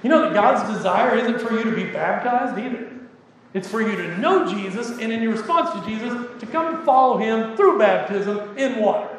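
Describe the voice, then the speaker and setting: High-voiced Texan pastor preaching. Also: male voice, lively intonation, moderate pace. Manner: emphatic, joking asides to the congregation. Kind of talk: sermon. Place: church sanctuary. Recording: echoey church hall with reverb.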